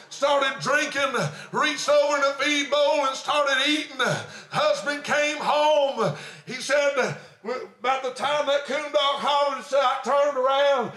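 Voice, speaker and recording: Pastor, male, storytelling sermon, very high bright voice, echoey sanctuary. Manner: fervent preaching that swells into shouts, with frequent "uh" fillers.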